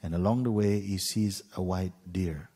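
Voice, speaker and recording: Man, spiritual teacher, gentle storytelling, very low voice, breathy. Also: fairly even intonation. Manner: unhurried, with pauses and soft fillers.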